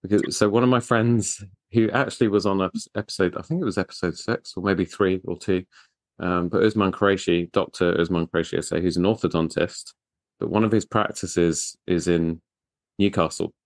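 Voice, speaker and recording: British man, podcast host, very low voice, dry close sound, enthusiastic, self-deprecating. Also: steady tone, brisk, no echo. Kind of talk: casual interview chat.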